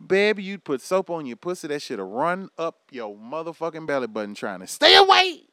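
A man with a high, smooth, resonant voice rants with heavy profanity and big swings in energy. The sound is dry and close, with no room around it. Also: brisk, dry recording. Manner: loud, profane, animated ranting with laughs. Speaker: commentary vlogger. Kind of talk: profane rant to camera.

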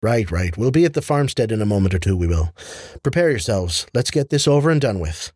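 Male narrator voicing a gravelly old woman wagon driver, sardonic and folksy, husky, dry close mic. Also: fairly low pitch, lively intonation, fairly quick, a little mellow, no echo. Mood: commanding. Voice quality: gravelly grinding voice. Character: gruff burly older woman cart driver.

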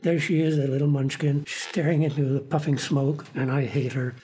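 A man's voice: medium pitch, fairly quick. An older man, a theater producer, telling anecdotes in an interview and acting out the lines of the people in them. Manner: animated, acts out other people's lines. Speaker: theater producer recounting his career.

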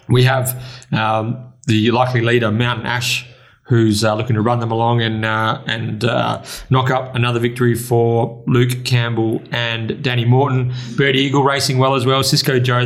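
Aussie podcast host, mid-pitch voice, steady, reads out race fields. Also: male voice. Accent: Australian. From Western Australia. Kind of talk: casual podcast chat, race previews.

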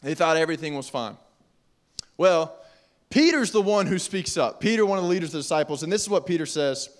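A young man preaching a casual youth sermon in an animated, jokey, conversational way. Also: a little high, fairly quick. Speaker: youth pastor.

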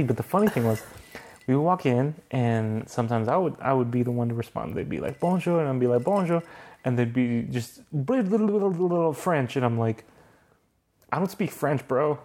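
A man's voice: medium pitch, a little mellow. A young married man hosting a podcast, telling stories in casual chat, laughing often and swearing freely. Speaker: podcast host.

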